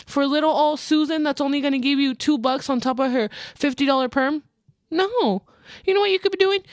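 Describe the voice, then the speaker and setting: A young woman hosting a podcast, chatting casually about her work as a hairstylist, animated and mixing in Spanish phrases. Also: high-pitched, no room sound, clean studio sound. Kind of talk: casual chat.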